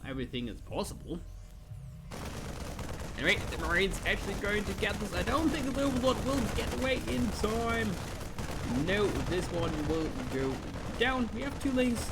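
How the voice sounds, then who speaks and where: A man casting a live strategy game match, animated and joking, acting out the players in little quoted voices. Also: high voice, gravelly, noisy background. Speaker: esports caster. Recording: music playing under the voice. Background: music.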